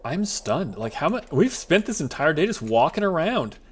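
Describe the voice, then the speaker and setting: Male streamer, fairly high voice, jokey and rambling live gameplay commentary. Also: very animated, normal speed, husky. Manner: rambling, jokey, self-talking asides. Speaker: VTuber streamer.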